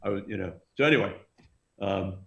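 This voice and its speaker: A man's voice: low voice, brisk, vocal fry, a bit bright, reverberant. A man telling long, rambling anecdotes in a casual interview, often laughing as he goes. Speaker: music manager guest.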